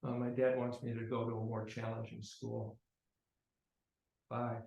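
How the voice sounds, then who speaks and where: A sober young girl answers in a hushed, subdued voice, as a man puts her on. There is little change from the teller's own pitch, and the room adds a light echo. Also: completely flat delivery, a little slow, creaky, a little hiss or hum. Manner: soft-spoken, subdued. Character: quiet, sober sixth-grade girl.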